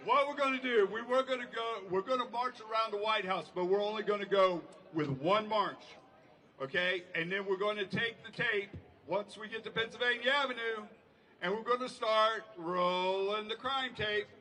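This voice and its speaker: Male march organizer, bright tense tone, a bit off-mic. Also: high-pitched, normal speed. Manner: energetic, explaining plans step by step. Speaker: protest organizer. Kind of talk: giving march instructions. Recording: voice heard from a distance.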